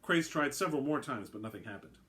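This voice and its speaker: A man narrating his own story aloud in a brisk, wry way. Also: medium pitch, lively intonation, pushed and bright.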